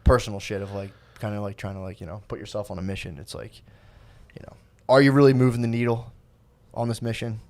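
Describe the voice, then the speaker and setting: A man's voice: fairly low pitch, level tone, quick pace, darkish tone. American guy rambling on a podcast, keeps restarting, mocks himself. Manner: rambling, many restarts and fillers, self-mocking. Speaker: podcast co-host. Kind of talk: casual podcast banter.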